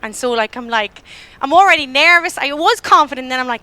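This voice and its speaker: Irish girl in her 20s telling a story at church, bright and high, acts out her own panic. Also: animated, brisk. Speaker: church speaker. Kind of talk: storytelling sermon.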